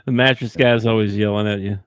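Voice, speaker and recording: A man's voice: on the low side, steady tone, fast, smooth, no room sound. A man hosting a podcast in easygoing, joking casual chat. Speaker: podcast host.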